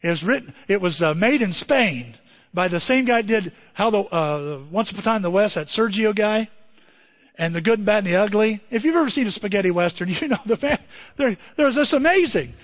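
A man preaching a sermon as pastor, telling a story with animated delivery and bursts of shouting. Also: high-pitched, brisk. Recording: dull lo-fi audio in a reverberant hall.

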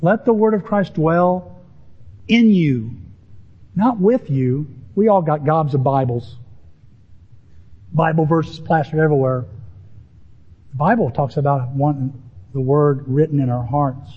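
Emphatic male pastor mid-sermon, fairly high voice, dull recording. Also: measured pace, pauses often, breathy edge. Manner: animated, emphatic preaching with rising pitch on key words. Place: church sanctuary with a congregation.

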